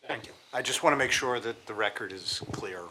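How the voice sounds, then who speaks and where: A man presiding over a public hearing, speaking in a procedural, measured way. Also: mid-range voice, heavy background noise. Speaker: hearing officer.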